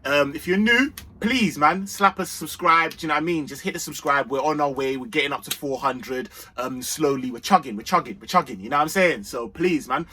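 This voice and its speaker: A man hosting a fan channel's football match preview, chatty and energetic, full of street slang. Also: fairly high pitch, brisk, hardly any pauses, slight background noise. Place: outdoors in sunshine.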